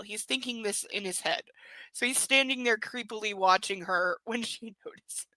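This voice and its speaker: A woman's voice: fairly high pitch, measured pace, pushed and bright, no room sound, poor audio. A woman reading a novel aloud live, breaking off for sarcastic, laughing asides about the story. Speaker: reader. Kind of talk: live book reading with commentary.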